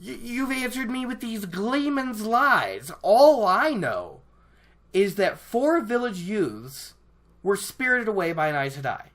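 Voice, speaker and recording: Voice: medium pitch, sing-song, takes it slowly, fairly bright tone, voice pushed up, exaggerated voice. Prim stubborn village wisdom lady, tart and indignant, as the host reads her out. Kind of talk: book podcast retelling.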